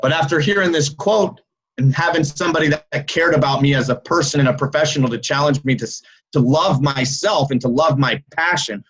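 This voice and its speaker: A man's voice: mid-range voice, husky, poor audio. A business coach on a video call, a man telling a story with lots of energy and tagging his sentences with "right?" and "okay?". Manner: loud and animated, by his own account. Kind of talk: motivational talk on a video call.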